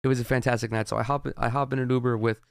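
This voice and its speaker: A man's voice: mid-range voice, steady tone, racing, gravelly, clear, resonant tone, dry recording, clean studio sound. A young man hosting a podcast, telling a rambling, profane story in a casual monologue. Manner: rambling, profane, with frequent restarts. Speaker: podcast host.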